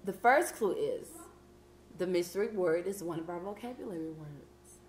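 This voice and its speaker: A woman teacher leading a vocabulary lesson, patient and encouraging, reading clues out slowly. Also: on the low side, lively intonation, darkish tone, reverberant, slight background noise. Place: classroom.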